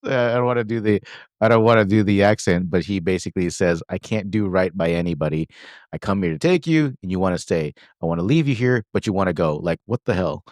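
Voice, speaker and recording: An animated, fast-talking co-host with a low, slightly mellow voice retells a film's plot in casual podcast chat, quoting lines and using many fillers. The studio-quality recording has no echo.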